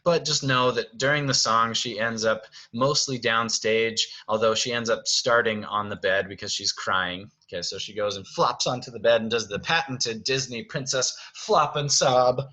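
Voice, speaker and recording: A man's voice: fairly low pitch, normal speed, hardly any pauses, pushed and bright. A man directing a show, explaining stage blocking in a friendly way and thinking aloud. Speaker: theater director.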